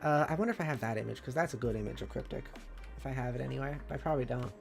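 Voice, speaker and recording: A woman's voice: extremely low pitch, very fast, creaky, over music. A woman streamer chatting casually and rambling, with many fillers and a bubbly, giggly manner. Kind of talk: casual live-stream chat.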